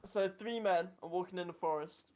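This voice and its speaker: Higher-pitched man rambling through jokes. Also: moderate pace, a little mellow. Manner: rambling, stumbling storyteller. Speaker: live stream guest. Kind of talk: casual joke-telling chat.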